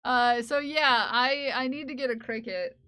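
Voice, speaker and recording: A woman's voice: fairly high pitch, a little slow, sharp tone, smooth. A young woman live-streaming while crafting, chatting playfully with viewers, laughing and mock-scolding them. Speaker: livestreamer. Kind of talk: casual live-stream chat.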